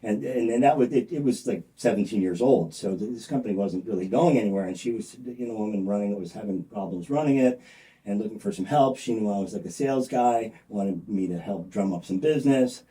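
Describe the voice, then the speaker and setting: Interview guest, male, dark low voice, blunt rambling storyteller, distant mic. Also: fairly quick. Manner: rambling, many fillers and restarts.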